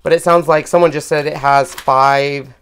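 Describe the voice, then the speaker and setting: A loud, chatty woman co-hosting a live crafting stream, casually talking through a craft demo and getting excited about the results. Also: low-pitched, normal speed, clear, resonant tone.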